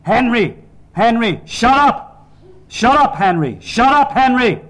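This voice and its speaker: A man's voice: a little high, fast, pitched above the performer's own voice, natural voice. A man playing a grieving, angry father in an audiobook. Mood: furious shouting. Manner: pleading then shouting.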